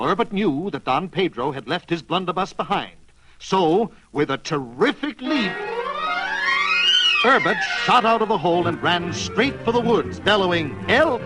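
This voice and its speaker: A man's voice: high-pitched, rough recording. A man narrating a children's storybook in a playful, dramatic read-aloud manner.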